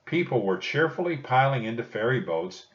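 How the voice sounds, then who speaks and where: A man narrating a children's storybook audiobook in a slow, expressive storytelling manner. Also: medium pitch. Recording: dull distant recording.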